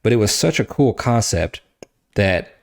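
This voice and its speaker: A man hosting a podcast, casually retelling a comic book story in an animated way, swearing and acting out what the characters say. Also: lowish voice, unhurried, vocal fry. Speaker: podcast host.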